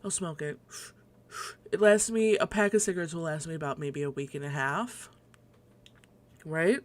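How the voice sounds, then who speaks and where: Speaking at a normal speed with a deep voice, a young adult woman hosts a casual solo livestream from home. She rambles and swears, laughs a lot, and sounds slightly out of breath.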